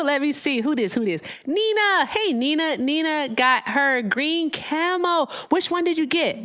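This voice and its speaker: A woman's voice: on the high side, a bit bright, clean tone. A woman hosting a political call-in livestream, chatting casually, swearing freely and gushing thanks to her viewers. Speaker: livestream host.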